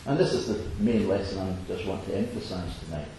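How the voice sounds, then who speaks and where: A man's voice: deep voice, brisk, warm tone. A man preaching a sermon in an assembly hall, earnest with chuckling asides. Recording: echoey hall, faint noise.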